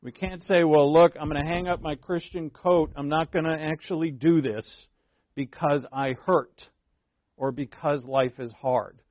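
A man teaching a sermon as pastor, with slow, emphatic stresses and small asides to the listeners. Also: a little high, steady tone, no room sound. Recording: dull, lo-fi dry recording.

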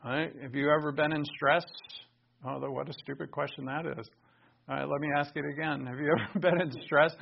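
A male pastor preaching a sermon in an animated, conversational way, with sarcastic asides to the congregation. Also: on the high side, a little fast, vocal fry, lo-fi sound.

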